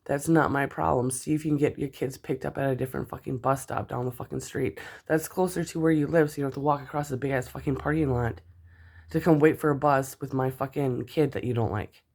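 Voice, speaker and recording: Angry mom, profane heated rant, volume swinging between outbursts and low muttering. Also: female voice, fairly even intonation, brisk, gravelly. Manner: heated, profane, swears constantly; voice spikes up loud, then drops low. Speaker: mother venting about another parent.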